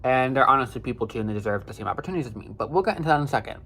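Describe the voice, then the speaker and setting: A man's voice: mid-range voice, animated, racing, bright, forceful tone. Young male vlogger, rambling casual storytime, filler-heavy and profane.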